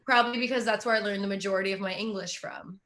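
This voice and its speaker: A woman's voice: medium pitch, steady tone, fast, a bit bright. A young woman from Russia with no Russian accent, doing chatty, self-mocking stand-up as host and laughing at her own jokes. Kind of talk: stand-up comedy.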